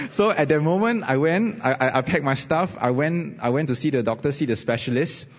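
A man preaching a sermon and telling a personal story, animated with rising emphasis. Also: medium pitch, brisk, few pauses. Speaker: pastor. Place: church hall. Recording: husky voice, dull sound, long reverb.

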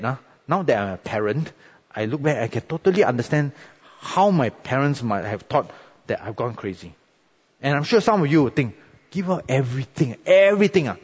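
Middle-aged man preaching casually, husky edge, long reverb in a large sanctuary. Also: medium pitch. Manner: conversational, animated, frequent tag questions. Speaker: pastor. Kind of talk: sermon. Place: church sanctuary. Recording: dull, echoey hall recording.

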